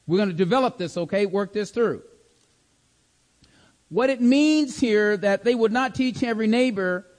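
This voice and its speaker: A man's voice: extremely high pitch, darkish tone, in a large hall. A man teaching a Bible lesson in sermon style, stressing and repeating key words and checking that his listeners follow. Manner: emphatic, repeats key words, asks the class to follow along. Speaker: preacher teaching a Bible study.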